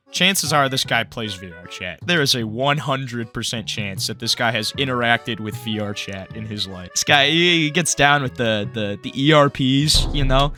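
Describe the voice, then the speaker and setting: Bright and forceful, with a mid-range pitch, this young college vlogger tears through a comedy tier list in a blunt, crude rant. Along the way he keeps stammering and starting over.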